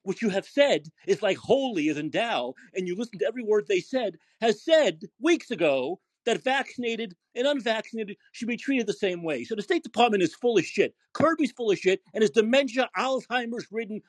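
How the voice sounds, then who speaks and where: This man hosts a call-in podcast and unloads a profane, furious rant with strong emphasis. He speaks in a high, lively voice, fairly quickly and with hardly any pauses, on a dry recording.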